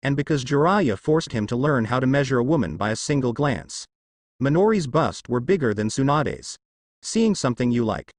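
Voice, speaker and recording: Man narrating fan fiction, steady reading, animated intonation, dry close recording. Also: medium pitch, normal speed, no echo.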